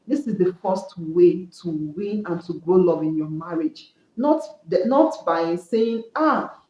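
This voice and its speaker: A woman's voice: mid-range voice, a little mellow. A woman giving Christian marriage advice in an earnest, repetitive teaching style. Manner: earnest, repetitive preaching cadence. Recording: roomy, dull lo-fi sound.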